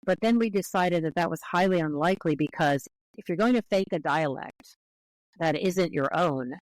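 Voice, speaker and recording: A woman's voice: on the low side, moderate pace, no room sound, rough recording. A woman guest on an interview, speaking as a linguist in a careful, explanatory way with frequent restarts.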